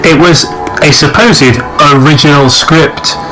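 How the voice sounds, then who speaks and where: A man's voice: fairly high pitch, fairly even intonation, a little slow, music in the background, rough recording. A young man hosting, reading a creepy internet story aloud with dry, joking asides. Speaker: host reading stories.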